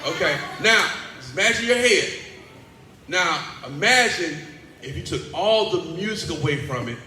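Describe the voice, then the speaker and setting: A man with a high, bright voice works a children's assembly in a large school hall. He is playful and animated and keeps coaxing the kids into call-and-response. The sound bounces around an echoey room with a faint hum underneath. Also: normal speed. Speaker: motivational speaker and teaching artist.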